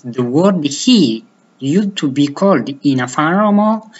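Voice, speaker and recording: A man's voice: on the high side, expressive, slightly rough. Hesitant male language tutor, muffled audio. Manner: slow, deliberate, repeats words, many hesitations. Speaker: language teacher. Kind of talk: language lesson.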